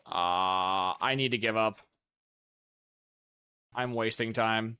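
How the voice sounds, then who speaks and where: A man's voice: lowish voice, takes it slowly, pushed and bright, clear, resonant tone. A man giving casual, profane, sarcastic commentary while playing a video game. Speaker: gaming streamer.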